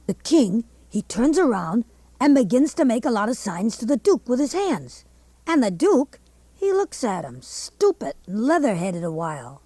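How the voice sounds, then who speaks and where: A woman plays a folksy teenage boy who narrates a radio drama in a plain drawl. The voice sits a little high and moves with a lively lilt, recorded dry and close. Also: moderate pace, slightly rough, no echo. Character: folksy young teenage boy narrating his own tale.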